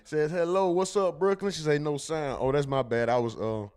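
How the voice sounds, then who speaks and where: A man's voice: fairly high pitch, steady tone, moderate pace, a little mellow, smooth. Slangy man hosting a livestream. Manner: slangy, reads chat comments aloud. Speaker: livestream host. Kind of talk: casual livestream chat.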